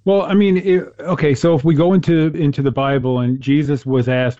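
A man's voice: fairly high pitch, fairly even intonation, brisk, warm tone, dry recording, muffled recording. A man hosting a casual conversation about faith, talking earnestly and telling stories, often restarting his sentences. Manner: earnest, storytelling, with frequent restarts. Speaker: host.

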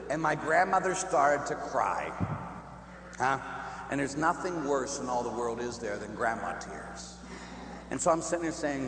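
A man from Pittsburgh, a Catholic priest, telling a humorous, animated personal story in a sermon, often laughing and adding "huh?". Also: a little high, moderate pace. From Pittsburgh, United States. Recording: echoey hall, faint hum.

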